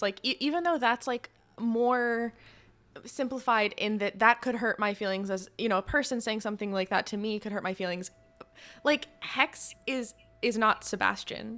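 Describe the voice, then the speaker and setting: A woman's voice: mid-range voice, a bit bright. A young woman guest on a tabletop game podcast, talking things through reflectively with lots of fillers and restarts. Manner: reflective, searching for words, many fillers. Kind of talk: casual conversation.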